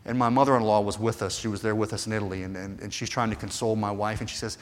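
A man preaching a sermon earnestly, moving from hushed passages to fervent, rising appeals. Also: lowish voice, steady tone, racing, a little hiss or hum. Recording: long hall reverb.

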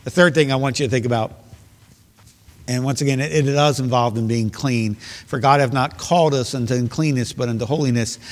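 A man's voice: medium pitch, fairly quick. A man preaching a sermon as pastor, earnest and emphatic, repeating key phrases for stress. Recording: long hall reverb.

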